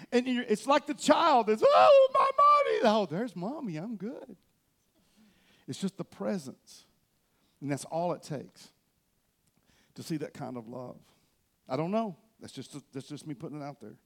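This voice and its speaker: A male pastor preaching a sermon from a church stage, telling the story with animation and swinging between loud and soft. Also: high-pitched, animated, normal speed.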